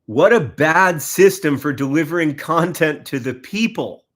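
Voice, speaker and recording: A man's voice: a little high, lively intonation, a little slow, fairly bright tone. Exasperated man chatting on stream. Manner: exasperated, wry running commentary, talking to viewers. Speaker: livestreamer signing autographs. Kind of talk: casual livestream chat.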